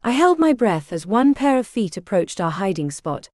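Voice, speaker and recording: A woman reading a fantasy romance audiobook as first-person narration, with expressive delivery. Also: medium pitch, moderate pace, few pauses, no room sound, studio quality. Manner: expressive, varied character voicing.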